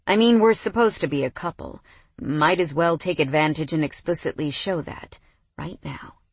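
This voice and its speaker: A woman's voice: sits low, normal speed, husky, dry recording. Woman voicing a cocky teasing young man. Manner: smug, playful drawl.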